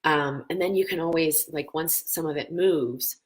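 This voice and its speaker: A woman in her thirties hosting a wellness show, coaching viewers earnestly and telling a personal story in an animated way. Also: low voice, normal speed, poor audio. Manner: animated storyteller, acts out quoted voices; earnest, encouraging, answers viewer questions.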